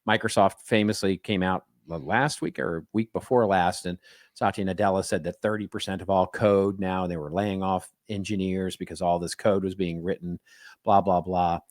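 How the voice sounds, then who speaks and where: Male co-host, lowish voice, close and dry, sardonic delivery. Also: steady tone, normal speed, no room sound. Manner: wry, skeptical, stumbles over his words. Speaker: podcast co-host. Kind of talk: casual chat.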